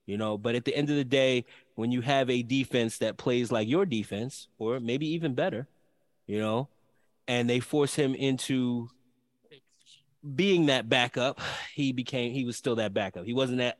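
A man's voice: medium pitch, in a large hall. A man co-hosting a casual sports podcast, leading his own segment with a loose, joking delivery.

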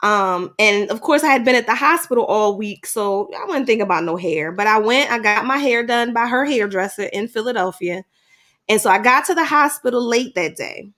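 A middle-aged woman telling a personal story in conversation, animated at times and quiet at heavy moments. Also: a little high. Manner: animated, acts out dialogue in quick bursts. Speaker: guest sharing a personal story.

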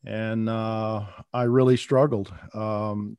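A man's voice: lowish voice, flat delivery, slow pace, few pauses, darkish tone, clean tone, dry recording, clean studio sound. An older man who grew up in Minnesota and Texas, a guest in an interview, telling his story reflectively with many fillers and some stuttering. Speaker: guest, veterinarian. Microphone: remote call.

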